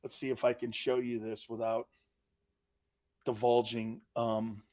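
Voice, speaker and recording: A man hosting a live sports talk show, telling stories in an animated way that swings from hushed asides to loud bursts, with blunt, swaggering banter. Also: medium pitch, unhurried.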